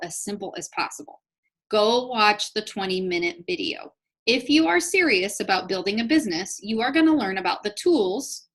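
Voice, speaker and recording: A woman's voice: medium pitch, a bit bright, slightly rough. A woman leading a live online business training, chatty, upbeat and encouraging, talking straight to her audience. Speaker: network marketing trainer.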